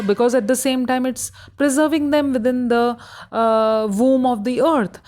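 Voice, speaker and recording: A woman with an Indian English accent giving a recorded lecture on a poem, explaining slowly with many hesitations. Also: high voice, fairly even intonation, darkish tone. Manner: halting, explanatory, many fillers.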